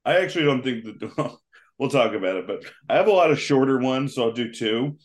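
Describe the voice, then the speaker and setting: A man's voice: medium pitch, expressive, fairly quick. A man in a mid-range voice co-hosts a casual, comedic podcast. He rambles through plans and jokes with plenty of fillers. He tags lines with a loose "bro.". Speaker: podcast co-host.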